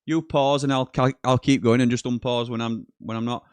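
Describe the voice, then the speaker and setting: With a smooth, medium-pitched voice and a brisk pace, this man hosts a live football watchalong. He chats, reads out live chat messages from viewers between commentary, and gets excitable whenever there's a goal. No echo is present.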